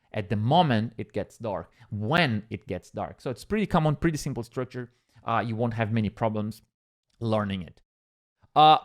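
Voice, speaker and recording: Male English teacher, patient and repetitive, animated intonation. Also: medium pitch. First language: Portuguese. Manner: patient, repeats examples slowly, checks with "okay?". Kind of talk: explaining vocabulary lesson.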